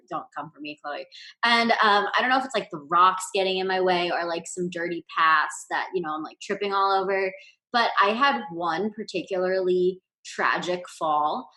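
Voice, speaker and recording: A woman's voice: medium pitch, sharp tone. A woman co-hosting a podcast in casual chat, talking freely with many fillers and easy laughs. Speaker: podcast co-host. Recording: roomy echo.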